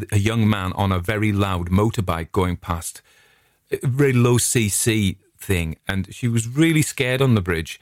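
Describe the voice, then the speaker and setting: In studio-quality audio with no echo, a middle-aged man from England rambles casually on the podcast he hosts, a friendly storyteller given to tangents. His pitch is fairly low.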